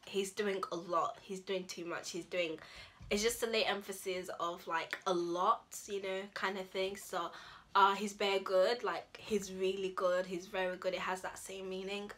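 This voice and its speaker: A woman's voice: mid-range voice, steady tone, moderate pace, a bit bright. A young woman, chatting casually to the camera as she explains slang, using lots of fillers. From United Kingdom. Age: young adult. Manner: chatty, filler-heavy, acts out example phrases. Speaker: language vlogger.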